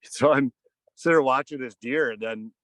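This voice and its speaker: A man's voice: mid-range voice, moderate pace, a bit bright, dry recording. A man in his thirties or forties, a podcast guest, telling a casual story in a rambling way full of "kinda" and "like.". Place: on a fishing boat.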